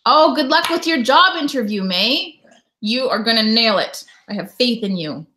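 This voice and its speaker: A woman's voice: on the high side, lively intonation, normal speed, bright, forceful tone. A Canadian woman in her thirties hosting a casual live stream from home, greeting viewers and chatting about her day. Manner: chatty, reads viewer comments aloud and greets them. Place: home in winter.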